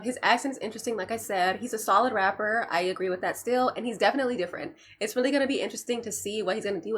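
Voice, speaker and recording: A woman's voice: mid-range voice, fairly bright tone. A woman hosting a reaction video, chatting casually and checking her notes, with frequent restarts. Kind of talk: casual commentary.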